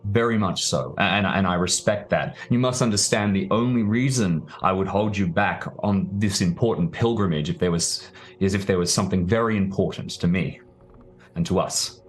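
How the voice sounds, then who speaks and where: A man narrating a tabletop role-playing game as game master. He describes the scene in detail, often pausing on fillers. His voice is very low and deep.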